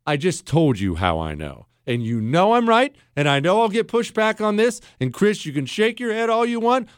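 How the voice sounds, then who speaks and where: A man's voice: a little high, smooth, no room sound. A man hosting a talk show, delivering an emphatic, combative, teasing opinion monologue into a studio microphone. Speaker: radio talk show host.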